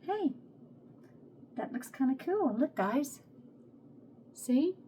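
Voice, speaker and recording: A woman's voice: high voice, sing-song, slow, warm tone, a little hiss or hum. A woman with a Texas accent chatting casually while she cooks at home, thinking aloud as she works, recorded on a phone set on a tripod. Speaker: home cook vlogger. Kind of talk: casual cooking vlog chat. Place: home kitchen.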